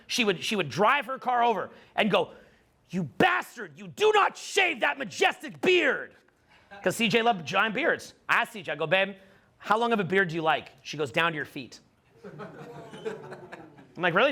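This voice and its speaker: Middle-aged man addressing a live audience, emphatic and repetitive, with a high, bright voice. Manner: emphatic, repeats phrases, many fillers. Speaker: dating coach speaking to a live audience. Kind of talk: animated seminar talk.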